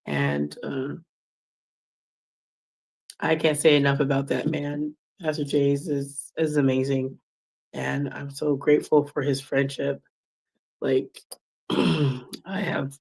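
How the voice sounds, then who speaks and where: A woman in her forties speaks in a low, gravelly voice. She hosts her own podcast in a casual, reflective late-night chat. She acts out the conversations she remembers as she goes. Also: fairly even intonation, measured pace, a little mellow. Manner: casual, chatty, acts out quoted exchanges. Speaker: podcast host.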